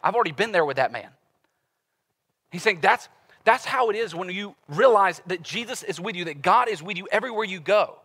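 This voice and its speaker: A man in his thirties preaching a conversational sermon as a pastor, animated and acting out everyday voices. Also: sits high, brisk, breathy edge. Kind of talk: casual sermon.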